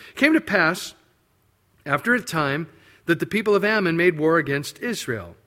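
A male preacher works through a scripture passage verse by verse. His voice sits fairly high, and he acts out the quoted characters in a louder voice. To land his points, he turns low and quiet. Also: lively intonation, normal speed. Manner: expository preaching, acting out biblical quotes in raised voices; drops low and quiet for emphasis. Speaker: pastor. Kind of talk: sermon.

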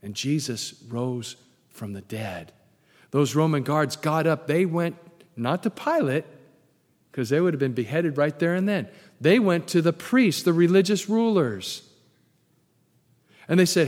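Male pastor, emphatic storytelling sermon, raised pitch, long hall reverb. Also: animated, unhurried, long pauses, darkish tone.

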